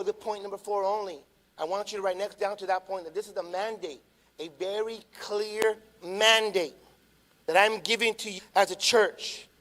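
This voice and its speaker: A pastor in his thirties preaching a sermon in a high, bright voice. He drops to quiet, almost conversational asides, then builds to loud, urgent appeals.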